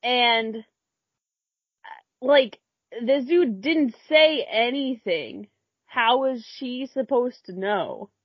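Breathy young woman telling a work story. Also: a little high, lively intonation, very slow, pauses often, dry recording. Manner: chatty, swearing, filler-heavy. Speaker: retail worker. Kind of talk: casual storytelling chat. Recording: dry muffled lo-fi recording.

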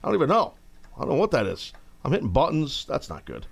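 A man hosting a wrestling podcast, talking casually and loudly, with playful outbursts. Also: on the high side, huge pitch swings, fast talker, vocal fry, slightly rough, no room sound. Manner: loud, playful, breaks into shouting bits. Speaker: podcast host. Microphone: studio mic.

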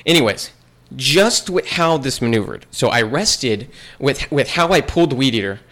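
A man's voice: mid-range voice, lively intonation, moderate pace, fairly bright tone. A young man in casual chat, telling a long story with many restarts and bursts of laughter.

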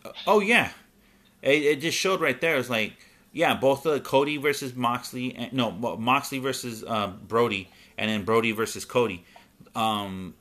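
A man hosting a casual chat about wrestling, talking in halting bursts with many pauses and restarts. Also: medium pitch, a bit bright. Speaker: podcast host.

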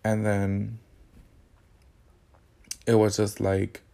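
A man hosts a podcast in a casual storytelling monologue, candid and full of sassy slang. His voice sits fairly low with a gravelly, fry-laden edge. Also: completely flat delivery, extremely slow, dark tone. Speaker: podcast host.

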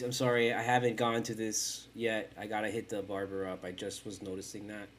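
A man's voice: on the low side, little pitch movement, normal speed, slight background noise. A man hosting a casual solo sports podcast from home, rambling and self-mocking with plenty of swearing and sing-song chanting. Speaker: podcast host. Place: at home in front of a camera.

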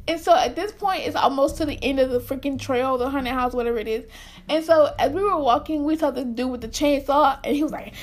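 A young adult woman telling a story to her viewers, animated and laughing often. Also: high voice. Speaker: vlogger. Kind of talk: storytime vlog.

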